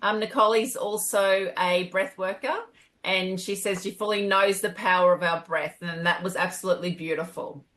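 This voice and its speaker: Brisk friendly woman co-host. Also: mid-range voice, steady tone, fairly bright tone. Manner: brisk, friendly, short replies. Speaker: session co-host. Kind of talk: hosting group video call.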